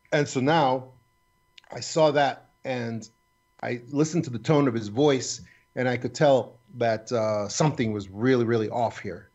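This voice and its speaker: A middle-aged man, a retired federal agent, tells a personal story as a radio guest, talking haltingly with frequent restarts and fillers. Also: mid-range voice, darkish tone, highs cut off.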